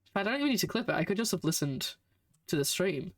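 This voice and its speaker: A woman's voice: lowish voice, sing-song, fast, no echo, clean studio sound. A woman streaming a game, commenting casually and sarcastically, exasperated at the characters. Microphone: desk microphone. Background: game audio.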